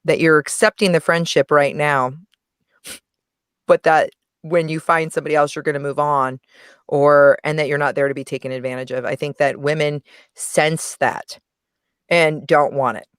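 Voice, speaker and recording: A woman's voice: deep voice, fairly even intonation, moderate pace, smooth, no echo, studio quality. A woman guest on a podcast, chatting frankly and animatedly about a movie and laughing often. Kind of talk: casual movie review chat.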